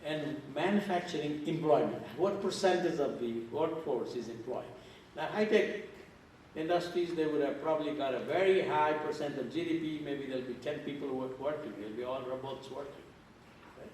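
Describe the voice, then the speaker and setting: A man's voice: a little high, moderate pace, a little mellow, slight background noise. An older man giving a conference keynote, emphatic and repeating phrases as he lectures. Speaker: keynote speaker. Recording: echoey hall from far off.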